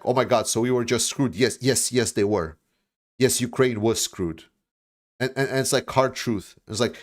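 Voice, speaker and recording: Impassioned post-Soviet man ranting on a livestream. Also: mid-range voice. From Eastern Europe, post-Soviet. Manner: emphatic, repetitive, swears when angry. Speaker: livestream host. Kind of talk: impassioned political livestream monologue.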